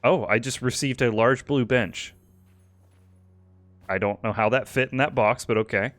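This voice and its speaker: A man's voice: medium pitch, moderate pace, fairly bright tone. A man chatting casually while playing a game with a friend, laughing a lot, rambling and swearing. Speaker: gaming co-host. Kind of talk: casual gaming chat.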